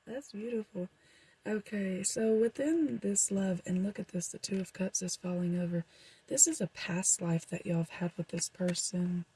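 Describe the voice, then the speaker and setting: A woman's voice: medium pitch, fairly even intonation, normal speed, mellow, slightly rough, low-quality recording. A young woman doing a casual, rambling tarot reading for her viewers, with frequent fillers. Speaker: tarot reader.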